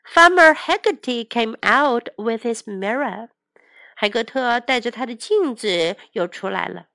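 A woman reads a children's story aloud as a teacher, gently and carefully, at a very slow pace. Her voice sits a little high, and the sound is dry and close. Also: animated, vocal fry, no echo. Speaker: English teacher. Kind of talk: bilingual children's story reading.

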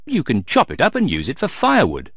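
A man's voice: mid-range voice, huge pitch swings, fast, fairly bright tone, breathy edge, dry recording, clean studio sound, pitched above the performer's own voice, exaggerated voice. A man doing a salesy rabbit stall lady. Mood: selling. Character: pushy female rabbit stall-keeper.

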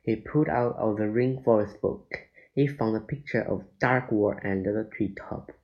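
A man slowly reading a children's chapter book aloud, deliberate and stumbling now and then, on a dull lo-fi recording. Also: fairly low pitch. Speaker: narrator.

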